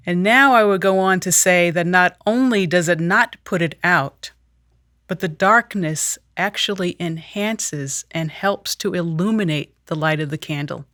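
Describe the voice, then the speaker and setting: A woman leading a guided meditation in a calm, measured, reflective way. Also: lowish voice, dry recording, studio quality. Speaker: meditation leader.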